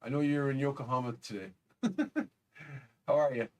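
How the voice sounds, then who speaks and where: Somber halting man, a bit off-mic. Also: medium pitch, distant mic. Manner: halting, somber, many pauses. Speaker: live-stream host. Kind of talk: live stream talk reading chat.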